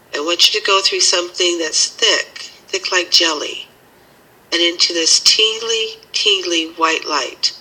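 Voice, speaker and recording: Bright, husky woman guiding a meditation. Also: lowish voice, low-quality recording. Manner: slow, soothing guiding instructions. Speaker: healing teacher. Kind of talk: guided meditation.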